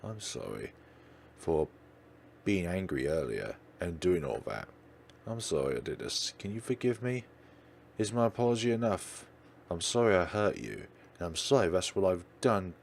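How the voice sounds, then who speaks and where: A man's voice: low voice, big pitch swings, normal speed, vocal fry, a little hiss or hum, exaggerated voice. A man voicing a shy, awkward teenage boy writer in a horror game, hesitant and apologetic.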